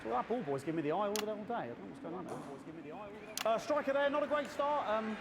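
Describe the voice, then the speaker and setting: A cheeky british sports commentator. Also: male voice, high-pitched, animated, fast talker, vocal fry, noisy background. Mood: wry. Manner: cheeky, rambling play-by-play with crude asides. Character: glib middle-aged male sports commentator, cheeky. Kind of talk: game acting, live sports commentary.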